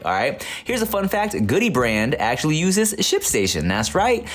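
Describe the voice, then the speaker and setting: Laid-back man with a lively voice. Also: fairly high pitch. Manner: laid-back, laughs often, slangy. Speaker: podcast co-host. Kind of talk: casual chat and read ads.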